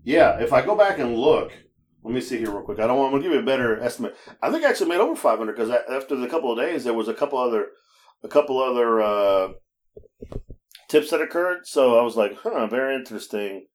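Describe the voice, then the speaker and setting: A man's voice: medium pitch, fast. A man telling stories in casual chat on a podcast. He laughs often, swears freely and acts out the voices of the people he quotes. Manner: animated, laughing storyteller with frequent restarts. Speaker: podcast co-host.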